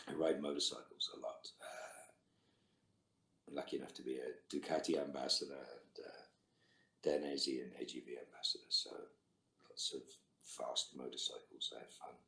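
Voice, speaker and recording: This middle-aged man's voice is very deep with a slightly bright edge. He's an actor on a video-call fan Q&A, reading out questions from fans and firing back short, dry quips, all captured with a roomy echo.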